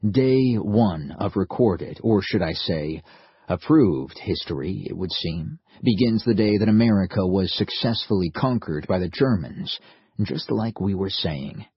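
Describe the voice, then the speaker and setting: A calm man speaks quietly and deliberately, voiced by a male narrator. The voice is low and slightly husky at an unhurried pace. The audio is dry and a little muffled. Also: dry recording, exaggerated voice. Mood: grave. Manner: quiet, measured.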